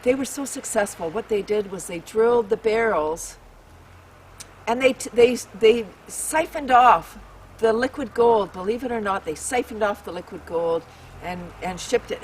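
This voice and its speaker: A woman's voice: fairly high pitch, lively intonation, moderate pace. A woman hosting an outdoor tour vlog in a maple forest, bubbly and exclaiming, laughing often and leading breathing exercises. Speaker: host. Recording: distant mic, faint outdoor hum.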